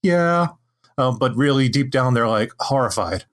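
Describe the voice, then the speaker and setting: A man's voice: medium pitch, moderate pace, a bit bright. A man on a podcast panel, talking things through casually with lots of restarts and fillers. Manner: hesitant, many restarts and fillers.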